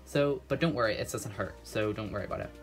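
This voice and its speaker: A man playing a calm woman nurse who reassures a scared patient, in his own voice. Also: fairly low pitch, fast, faint music behind, close to an everyday voice. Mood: reassuring.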